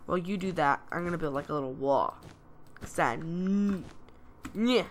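A woman giving casual, excitable, self-deprecating commentary while playing a video game. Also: sits low, moderate pace, slight background noise. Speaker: gameplay commentator.

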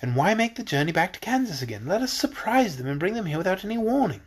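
A man's voice: sits high, sing-song, fast, husky, heavily acted. A man reading a storybook aloud, voicing a kindly fairy girl ruler who speaks in a gracious, formal way.

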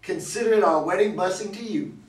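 A man reads a swaggering old cowboy huckster with a folksy drawl and a high-pitched voice. He is heard from across a roomy, echoing hall, as at a stage reading. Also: brisk, lightly acted. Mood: cocky, folksy. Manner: folksy drawl, hammy and salesman-like. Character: boastful older male cowboy running a roadside museum. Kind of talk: reader's theater stage reading. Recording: echoey hall from far off.

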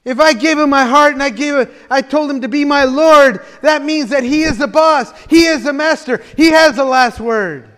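A man's voice: very high-pitched, normal speed, hardly any pauses, a bit bright. A man preaching a conversational sermon as pastor, chatty and folksy, with frequent laughter and restarts. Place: church sanctuary. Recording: reverberant church hall.

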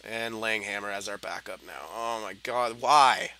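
A young man giving gameplay commentary, frustrated and swearing, muttering low and then yelling at the game. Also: measured pace, a little hiss or hum. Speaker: gaming commentator.

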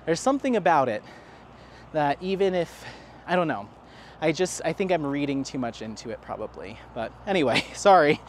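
A man's voice: a little high, sing-song, normal speed, slight background noise. A man vlogging casually outdoors on a neighborhood dog walk, rambling and laughing at himself as he answers viewer comments. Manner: rambling, self-deprecating, laughs often. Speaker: crafting vlogger. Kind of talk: casual chat to camera.

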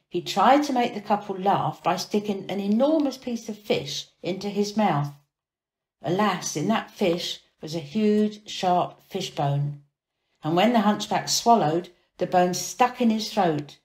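A woman reads a fairy tale aloud for children, with expressive, dramatic phrasing at a middle pitch. Her voice rings in a room with a clear echo. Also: measured pace. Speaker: storyteller. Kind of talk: storybook reading for children. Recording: echoey room.

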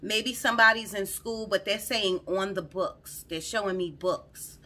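A woman's voice: mid-range voice, a little slow, sharp tone. A woman giving a casual, rambling tarot reading into her phone, talking straight to her viewers and often repeating herself. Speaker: tarot reader.

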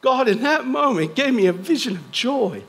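A man's voice: extremely high pitch, sing-song, normal speed, gravelly, fairly bright tone, slightly rough, rough recording. A middle-aged American man giving a personal testimony talk, earnest, with light self-deprecating humor. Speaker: guest speaker.

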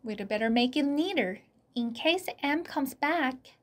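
A woman's voice: high voice, lively intonation, measured pace, pitched above the performer's own voice. A woman doing an eager little girl. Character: eager young girl, bossy and curious.

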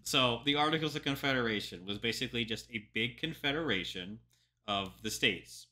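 A man's voice: medium pitch, a little fast, bright, forceful tone. A young man, a historian, reacting to a history video in casual chatty commentary with lots of ums and joking asides.

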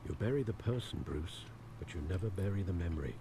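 An elderly butler in a video game who speaks low and with a lively lilt. He lectures in a measured, gentle, fatherly way. Steady noise sits under the game audio. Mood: concerned.

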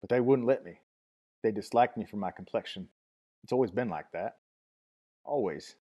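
A man's voice: lowish voice, warm tone, breathy edge, lo-fi sound. A man reading as an impassioned young outsider. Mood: anguished. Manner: impassioned, halting pleas.

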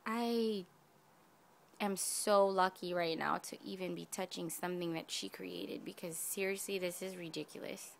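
A woman's voice: lowish voice, steady tone, normal speed, vocal fry, slight background noise. A woman craft vlogger gushing over gifts in a casual unboxing video, addressing her viewers directly. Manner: gushing, effusive, talks to viewers.

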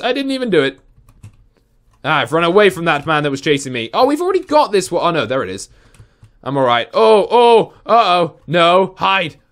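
A young man from England giving excitable, jokey live commentary over his own gameplay as a video host. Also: high-pitched. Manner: excitable, jokey, often shouting and laughing. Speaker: gaming YouTuber.

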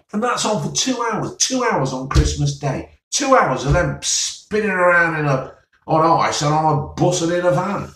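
A man's voice: a little high, animated, measured pace, fairly bright tone. A man, grumbling sarcastically and sighing as he reads through the holiday TV listings. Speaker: vlogger reviewing TV listings. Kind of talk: casual solo rant. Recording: roomy, mic at a distance.

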